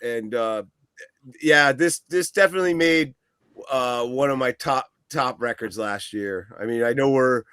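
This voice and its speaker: Casually discussing a record as a podcast guest, an East Coast American man rambles, swears, and laughs a lot. His mid-range voice has a fairly bright, clean tone and a moderate pace. The studio-quality audio has no echo.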